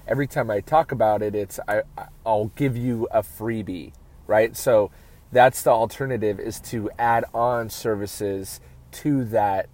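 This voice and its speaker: A man's voice: mid-range voice, darkish tone. Chatty man giving business advice. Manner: conversational, keeps checking in with "right?", frequent restarts. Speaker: podcast host and auto detailer. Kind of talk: casual advice monologue.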